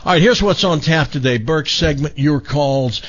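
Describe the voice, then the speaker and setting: Husky-voiced male radio host. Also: a little high, moderate pace, no echo, lo-fi sound. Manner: reflective, rambling with restarts. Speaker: radio talk show host. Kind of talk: casual on-air chat.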